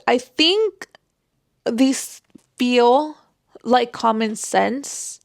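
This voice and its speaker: A woman's voice: a little high, gravelly, dry recording, studio quality. A woman chatting casually as she gives relationship advice, full of "like" fillers. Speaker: vlogger giving relationship advice.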